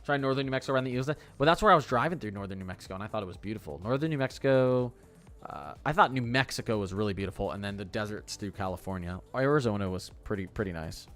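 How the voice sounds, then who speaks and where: A young man hosting a live weather stream, chatting casually and excitably, with lots of "like" fillers. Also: on the low side, very fast, soft background music. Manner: chatty, excitable, heavy use of "like". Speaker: weather livestream host.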